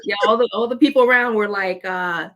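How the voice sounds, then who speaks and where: A woman's voice: medium pitch, brisk. A woman, a guest on a talk show, telling her proposal story and acting out the dialogue. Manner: animated, acts out her own lines. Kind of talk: casual storytelling.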